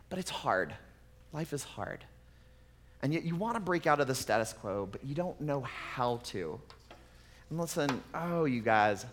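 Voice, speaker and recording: A man's voice: medium pitch, long reverb tail. A male pastor preaching a sermon in a conversational way, with casual asides.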